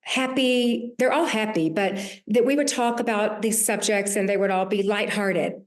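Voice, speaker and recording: A woman's voice: mid-range voice, steady tone, moderate pace. Woman in her sixties, Southern US accent, earnest podcast host, frequent restarts. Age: 60s. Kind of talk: reflective conversation.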